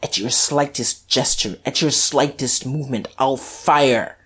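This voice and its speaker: Casting: woman narrator voicing a cornered, defiant detective, low and slow. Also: fairly even intonation, slightly rough, exaggerated voice. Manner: snarling, stammering, defiant. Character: desperate, rattled male police detective.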